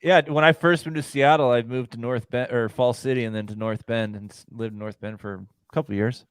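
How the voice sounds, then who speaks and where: A man's voice: mid-range voice, steady tone, brisk, clean tone, no room sound. A man chatting playfully on a comedy podcast. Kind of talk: casual chat.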